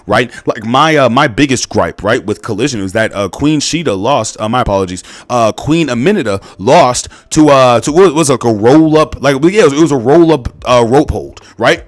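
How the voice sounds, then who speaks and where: Hoarse male host, casual rambling commentary, filler-heavy delivery. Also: mid-range voice. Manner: rambling with many fillers and restarts.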